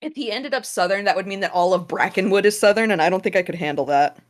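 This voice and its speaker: A woman's voice: medium pitch, quick pace. A woman game master chatting casually with players, laughing often and swearing freely. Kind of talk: casual chat after a tabletop game.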